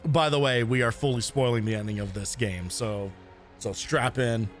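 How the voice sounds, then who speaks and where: A man's voice: medium pitch, moderate pace, faint music behind. A man streaming a retro game and rambling through casual commentary, swearing and laughing often.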